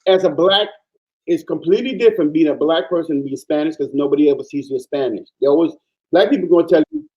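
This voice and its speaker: Animated Panamanian-born man, muffled audio. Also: a little high, fast talker. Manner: animated, emphatic storyteller. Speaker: guest. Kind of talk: casual chat.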